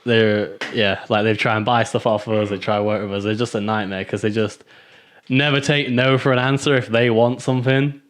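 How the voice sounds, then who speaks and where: A man's voice: on the low side, fairly even intonation, fairly quick. Laid-back guy, chuckling often. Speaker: podcast co-host. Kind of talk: casual chat.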